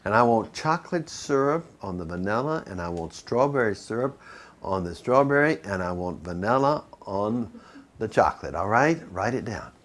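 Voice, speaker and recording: A man's voice: on the low side, animated, normal speed, a bit bright. A man voicing an elderly wife giving her husband a long, fussy order. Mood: bossy. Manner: bossy, listing orders.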